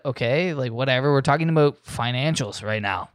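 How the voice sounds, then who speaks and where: A man's voice: mid-range voice, a little fast, no echo, studio quality. A man hosting a podcast, rambling profanely through a casual monologue and reading news aloud. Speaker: podcast host.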